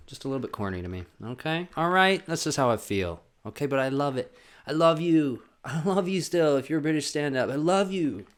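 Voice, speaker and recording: A man hosting a solo podcast, rambling in a profane, jokey way. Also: medium pitch. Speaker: podcast host. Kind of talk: casual solo podcast monologue.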